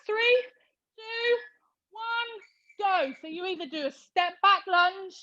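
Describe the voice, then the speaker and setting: High-voiced British woman coaching a workout. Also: sharp tone, muffled recording. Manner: encouraging, counts down reps, cheers class on. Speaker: fitness instructor. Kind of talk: live online workout class.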